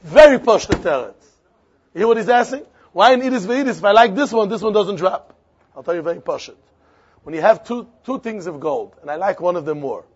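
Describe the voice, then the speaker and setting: High-pitched Yiddish-inflected teacher. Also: male voice, slightly rough, highs cut off. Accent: Yiddish-inflected English. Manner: animated, repetitive, sing-song argument with frequent questions. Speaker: Talmud teacher. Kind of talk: Talmudic lesson.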